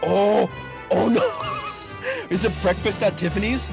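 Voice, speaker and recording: A man hosting a podcast in casual chat, animated and teasing, laughing often. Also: sits high, a little slow, vocal fry, over music. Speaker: podcast host.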